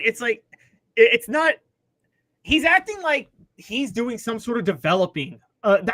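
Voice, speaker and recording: A man co-hosting a sports talk show, animated and sarcastic, teasing his partner in casual back-and-forth chat. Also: extremely high pitch, no echo. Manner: animated, sarcastic, quick to tease. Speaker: co-host.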